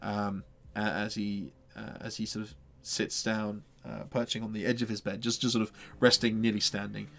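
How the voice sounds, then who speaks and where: A man's voice: on the low side, little pitch movement, moderate pace, vocal fry, hardly any pauses, fairly bright tone. A man narrating a tabletop game as game master, rambling with many fillers.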